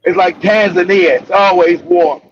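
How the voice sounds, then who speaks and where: A man hosting a casual talk show, telling rambling, profane stories with bursts of shouting. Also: high-pitched, level tone, a little slow, a little hiss or hum. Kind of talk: casual storytelling chat. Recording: dull lo-fi audio.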